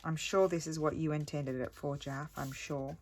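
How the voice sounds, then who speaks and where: A woman's voice: sits low, fairly even intonation, moderate pace, darkish tone, slight background noise. A middle-aged woman chatting casually as she crafts, thinking aloud and poking fun at herself. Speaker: craft vlogger. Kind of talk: casual crafting tutorial chat.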